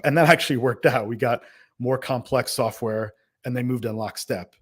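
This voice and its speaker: A man at a mid pitch hosts a laid-back interview. He makes confident points and keeps the talk moving with short remarks of agreement. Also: moderate pace, slightly rough. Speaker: podcast host.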